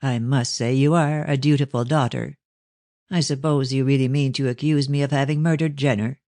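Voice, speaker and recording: A man reading an audiobook, voicing a stern, cold older gentleman speaking to his daughter. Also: mid-range voice, fairly even intonation, normal speed, no echo, studio quality, close to an everyday voice.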